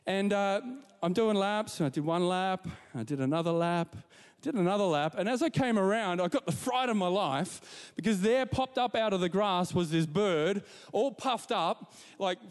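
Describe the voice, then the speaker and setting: A man delivers a sermon, moving between scripture and everyday stories about his week. His voice sits high and comes through smooth and clear. The sound rings with the long reverb of a large hall. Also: lively intonation, moderate pace. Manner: warm storytelling with repetitions and asides to the congregation. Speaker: pastor.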